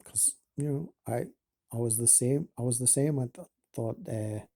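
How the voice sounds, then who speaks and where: A man talking casually at home in an attempted Scottish accent, rambling and halting, with many fillers, restarts and casual swearing. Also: mid-range voice, vocal fry, dark tone, no echo. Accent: put-on Scottish. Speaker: vlogger.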